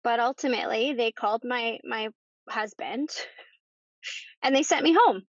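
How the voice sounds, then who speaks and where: A woman, a podcast guest, tells her personal story in conversation, halting and repeating herself as she goes. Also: fairly high pitch, no echo. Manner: halting, with many pauses and repeated words. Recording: dull lo-fi dry recording.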